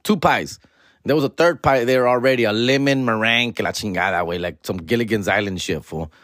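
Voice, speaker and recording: Slangy dude, dry close mic. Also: male voice, brisk, no room sound. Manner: slangy, peppered with "fool" and "dog", switches into Spanish; animated, acts out family members in higher voices. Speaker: podcast host. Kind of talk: casual storytelling monologue. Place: home, alone in the house.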